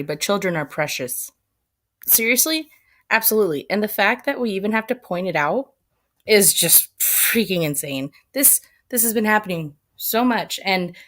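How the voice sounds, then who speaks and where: A woman's voice: mid-range voice, a bit bright. A woman hosting a livestream, chatting loosely and reading viewer comments as she rambles. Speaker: livestream host. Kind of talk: casual live commentary reading chat.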